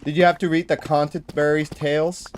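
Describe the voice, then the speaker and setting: Chatty Boston-accented man, high-ish voice. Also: little pitch movement, a little fast, a little hiss or hum. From Boston area, New England. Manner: rambling, friendly, searches for words. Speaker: gaming livestream host. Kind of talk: casual chat.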